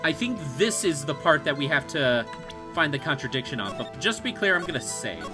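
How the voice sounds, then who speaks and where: A young man gives casual gameplay commentary, thinking aloud as he plays. His voice is slightly high and lively. Video game music runs clearly beneath him. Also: fairly quick. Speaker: let's play host.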